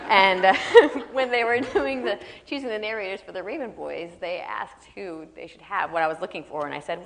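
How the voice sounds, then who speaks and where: A woman's voice: mid-range voice, normal speed, creaky. A woman author on a live stage, chatting with self-deprecating laughs and reading aloud from her own novel. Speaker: author guest. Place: live stage event in an auditorium. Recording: echoey hall reverb.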